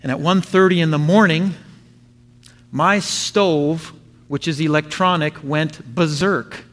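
Animated man preaching a sermon. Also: on the high side, slow pace. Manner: animated storyteller, mimics beeping sounds. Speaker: pastor. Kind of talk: sermon storytelling. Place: church.

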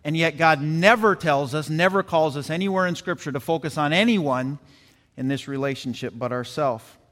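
A man delivering a Sunday sermon with earnest conviction, returning to his points and calling out to the men in the pews. His voice sits a bit high for a man. It rings through a church with long reverb. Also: moderate pace, fairly bright tone. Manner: earnest preaching with repeated phrases and audience asides. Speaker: pastor. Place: church sanctuary.

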